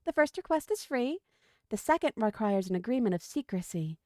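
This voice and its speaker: A woman's voice: on the high side, big pitch swings, fairly quick, dark tone, dry recording, studio quality. Woman voicing a wry talking snake. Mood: explaining. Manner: matter-of-fact, joking explanations. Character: talking male desert snake, calm, wry, helpful.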